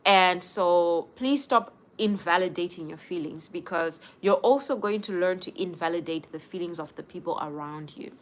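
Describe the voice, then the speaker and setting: A woman's voice: on the low side, normal speed, few pauses. A young woman hosting a casual live stream, speaking earnestly and giving advice straight to her viewers. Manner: earnest, advising viewers directly.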